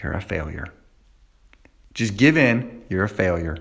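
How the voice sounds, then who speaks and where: A man voicing Satan as a sly male tempter, speaking low and hushed. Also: animated, measured pace, creaky, slightly rough, full character voice. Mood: taunting.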